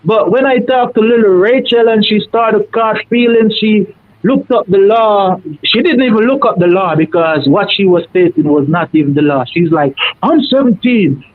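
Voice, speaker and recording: A caller with a Jamaican accent and a high voice speaks at normal speed, with no echo, over a tinny, dry phone line. On the live call he spins a rambling, emphatic, folksy story.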